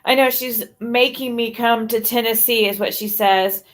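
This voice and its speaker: Woman streamer, bit higher voice, blunt, profane, fed-up rant to chat. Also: steady tone, moderate pace. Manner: blunt, profane, exasperated ranting. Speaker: livestreamer addressing chat. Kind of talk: casual livestream rant.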